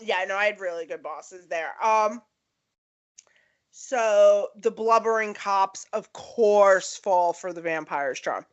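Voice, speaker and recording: A young woman co-hosting a podcast chats casually, telling stories animatedly and acting out the voices of the people she quotes. Her mid-range voice takes its time, and the podcast audio is dull and lo-fi.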